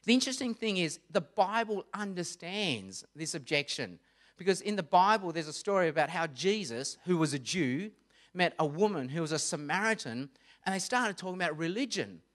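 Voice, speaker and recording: A young man giving an evangelistic talk, telling stories and acting out voices in an animated way. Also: high voice, moderate pace. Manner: animated storytelling with acted-out voices. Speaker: speaker.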